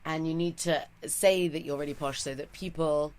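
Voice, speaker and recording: A woman's voice: deep voice, fairly even intonation, moderate pace, darkish tone. A woman in her thirties with a posh English RP accent, a comedian doing stand-up and then chatting in an interview with a wry, self-mocking manner. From England. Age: 30s. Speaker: comedian, guest. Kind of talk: stand-up set, then casual interview chat.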